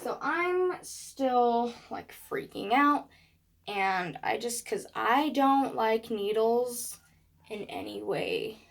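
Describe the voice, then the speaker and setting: A woman telling a personal story in a vlog, animated, acting out what people said. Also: on the high side, slow pace, creaky. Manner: animated storytelling with acted quotes. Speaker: vlogger.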